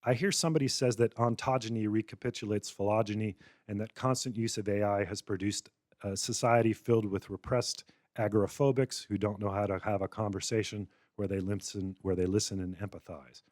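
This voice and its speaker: A man's voice: lowish voice, fairly even intonation, brisk, darkish tone, no echo, studio quality, lightly acted. A man voicing a rich, self-absorbed tech boss who rambles requests at his phone.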